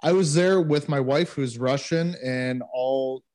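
An American man, a podcast co-host, telling a profane story in casual chat with lively energy. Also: medium pitch, a little slow. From United States. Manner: profane, animated storytelling with laughs.

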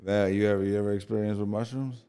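Deep-voiced laid-back male host. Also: steady tone, fast talker, dark tone, clear, resonant tone. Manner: laid-back, short prompts and laughing reactions. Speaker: podcast host. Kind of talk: casual chat.

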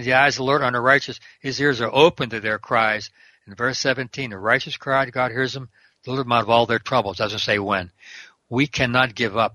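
A man's voice: medium pitch, pushed and bright, no room sound. An older man, a prison minister and guest, talking fervently in an interview and quoting scripture verse by verse. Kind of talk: preaching interview talk.

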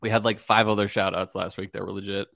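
A relaxed man in his thirties chats on a podcast in a slightly low voice. He jokes easily and fills pauses with "um." The sound is dry and close. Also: gravelly, no room sound. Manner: laid-back, joking, many fillers. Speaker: podcast co-host. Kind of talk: casual chat.

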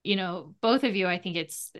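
Low-voiced chatty podcast host woman. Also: normal speed. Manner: rambling, many fillers and restarts. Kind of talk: casual conversational interview.

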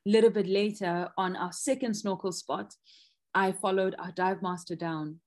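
Expressive woman telling her story. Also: medium pitch, normal speed. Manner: expressive, acts out quoted panic loudly. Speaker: guest. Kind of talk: personal storytelling in a podcast interview.

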